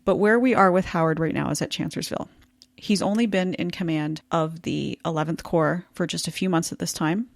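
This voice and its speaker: A woman's voice: fairly low pitch, fairly quick, gravelly, no echo. A woman co-hosting a casual history podcast, chatty and laughing easily as she explains events. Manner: chatty, laughing, reads quotes aloud. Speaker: podcast co-host.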